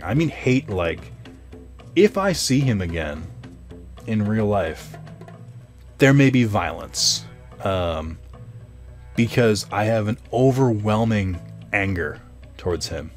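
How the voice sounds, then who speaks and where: A young man tells a casual story time tale, rambling through fillers and sarcastic, profane asides. His voice sits a little low. Faint music plays behind him. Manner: rambling, many fillers and asides, laughs at himself.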